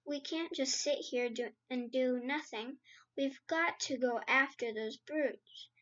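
A woman's voice: high voice, slow pace. A woman voicing a brave, eager young girl who speaks in raised, emphatic exclamations. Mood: urgent. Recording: slightly dull lo-fi sound.

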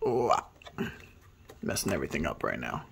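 A man hosting a casual pack-opening video, excitably reading card names aloud and hyping himself up. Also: very deep voice, moderate pace, creaky, a little hiss or hum. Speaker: host opening card packs.

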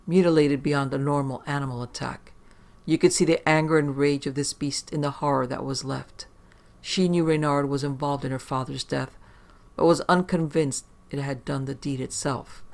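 A male storyteller reads a first-person supernatural tale in a wry, conversational manner, dropping profane asides along the way. His voice sits slightly higher than most men's and carries a persistent gravelly fry. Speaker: horror story narrator. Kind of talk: first-person scripted horror narration.

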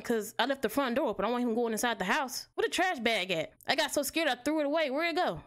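A woman commenting on a horror game as she plays, chatty with viewers, jumping at scares and swearing loudly. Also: a little high, expressive, fast talker. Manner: jumpy, loud reactions, frequent swearing. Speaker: gaming streamer.

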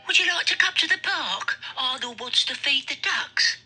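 A bright, sharp, high little puppet pal, as a woman puts the voice on, chatty and helpful. Faint music plays behind. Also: expressive, normal speed, full character voice. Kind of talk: puppet show acting.

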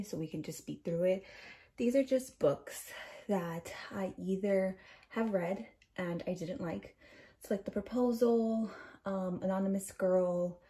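A young woman in her twenties talks casually and rambles, dropping fillers as she goes. Her voice is mellow and soft rather than bright. She sounds a little out of breath. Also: mid-range voice. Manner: chatty, rambling, many fillers. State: slightly out of breath. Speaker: book vlogger. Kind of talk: casual bookshelf tour.

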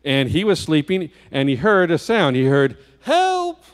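A man with a slightly high voice tells a story from the pulpit. He builds the scene with vivid detail and questions to his listeners. His words hang in the long reverb of a church hall. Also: expressive, moderate pace. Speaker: guest preacher. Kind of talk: children's story sermon. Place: church sanctuary.

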